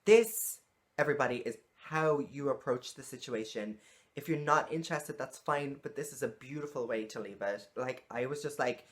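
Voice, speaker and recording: A woman's voice: rumbling low, normal speed. A woman talking frankly to camera in a casual vlog, exasperated and swearing freely. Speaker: vlogger.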